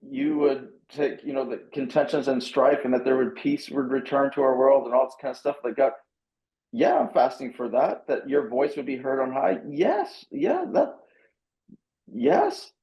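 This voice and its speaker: A man's voice: medium pitch, steady tone, normal speed, roomy sound, highs cut off. A man, a pastor and author, animatedly telling a story and reading scripture aloud, acting out his own reactions with a self-mocking humor.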